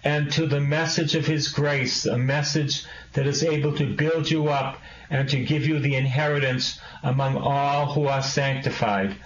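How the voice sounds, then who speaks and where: A man preaching a sermon, reading scripture aloud and breaking in with quick, emphatic asides to the congregation. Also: medium pitch, steady tone. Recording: echoey room, dull lo-fi sound with faint hiss.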